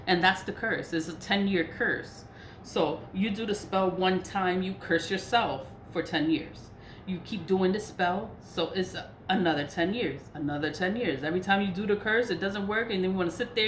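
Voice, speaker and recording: A woman's voice: medium pitch, moderate pace. Woman, blunt, swears a lot, casual rant, roomy echo, faint hiss. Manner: blunt, profane, laughs between points. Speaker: spiritual practitioner. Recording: echoey room with faint noise.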